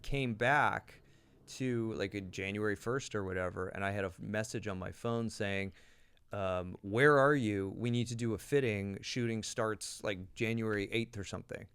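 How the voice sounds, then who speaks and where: A man from Canada, a guest actor telling quick, animated anecdotes in a casual interview. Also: fairly low pitch, clear, resonant tone, no room sound.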